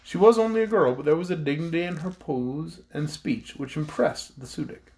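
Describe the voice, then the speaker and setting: A man narrating a children's fantasy audiobook with expressive reading. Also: a little high, normal speed, few pauses. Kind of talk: scripted narration.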